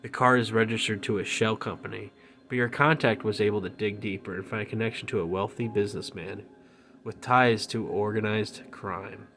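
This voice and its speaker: Low-voiced man reading a game story. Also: steady tone, moderate pace, sharp tone. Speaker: gameplay channel host.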